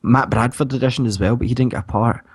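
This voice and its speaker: A man's voice: mid-range voice, fast talker, husky, dry recording. A man from Scotland with a Fife accent, co-hosting a podcast and telling rambling stories in casual chat. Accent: Scottish, Fife. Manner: rambling, storytelling, laughs often. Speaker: podcast co-host.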